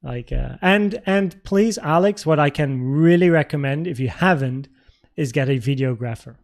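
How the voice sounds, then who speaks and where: Young dutch-raised guy chatting on his stream, slightly high voice, keeps restarting sentences. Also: moderate pace, vocal fry. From Netherlands. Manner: rambling, with frequent restarts and filler words. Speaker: livestream trading host. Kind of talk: casual livestream chat reading viewer comments.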